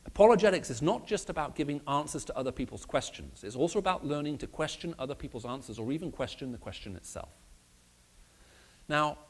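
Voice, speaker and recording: Lively British man giving a church talk. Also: on the high side, brisk. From Middle East. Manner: lively, conversational, asks the audience questions. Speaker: speaker. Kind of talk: apologetics talk.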